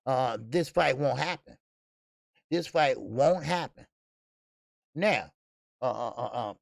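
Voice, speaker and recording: A boxing channel host runs a casual livestream, reading viewers' chat while talking bluntly and profanely, laughing often and rambling with lots of fillers. His mid-range voice is creaky, captured in clean studio sound with no room sound.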